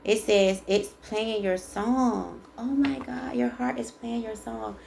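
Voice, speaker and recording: A woman with a gravelly, creaky edge gives a tarot reading in a chatty, emphatic way. She reads card texts aloud and then drives the point home in her own words. A faint noise hums under the recording. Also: a little high, fairly even intonation, slow, darkish tone. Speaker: tarot reader. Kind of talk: casual spiritual card reading.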